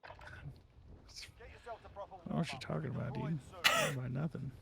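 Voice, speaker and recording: A man's voice: mid-range voice, fairly even intonation, normal speed, gravelly, over a noisy crowd. A man chatting with a friend while joining a game, dry and teasing. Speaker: gaming friend. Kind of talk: casual gaming chat.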